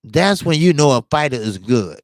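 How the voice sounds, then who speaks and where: A man's voice: a little high, sing-song, normal speed, no echo. A man hosting a casual boxing talk show, talking loosely to his live chat, rambling and jumping between topics, and breaking down fight tactics like a coach.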